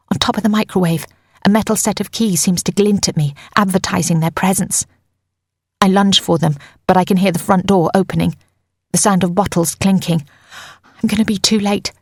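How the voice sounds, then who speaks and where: A woman's voice: on the low side, husky, dry recording. A woman narrating a tense first-person audiobook on a close mic, in an urgent storytelling manner.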